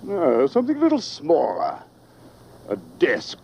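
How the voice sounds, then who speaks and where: An actor playing a brisk older admiral, crisp and commanding in a 1960s sitcom. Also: male voice, fairly high pitch, wildly swooping pitch, dark tone, muffled recording, full character voice. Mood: dry. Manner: crisp, commanding, dryly amused. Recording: TV soundtrack with background noise.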